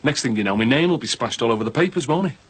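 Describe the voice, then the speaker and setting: A cocky wheeler-dealer mate in a TV soap. His voice is husky and lively, and he talks in a jokey, eager-to-help way. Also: mid-range voice, very fast. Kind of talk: TV soap drama acting.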